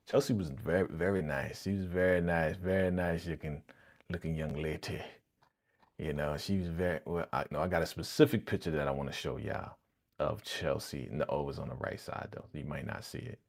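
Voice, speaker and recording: Animated man hosting a livestream reaction. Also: low-pitched. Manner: animated slangy storytelling, acting out characters' lines. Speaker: livestream host reacting to a TV episode. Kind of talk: casual live reaction chat.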